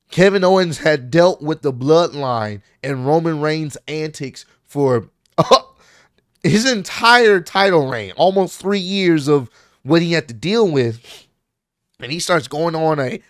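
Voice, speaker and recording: Animated man recapping wrestling, dry mic. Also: fairly high pitch, no echo. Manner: animated, acts out wrestler quotes. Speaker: wrestling commentary youtuber. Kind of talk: casual recap vlog.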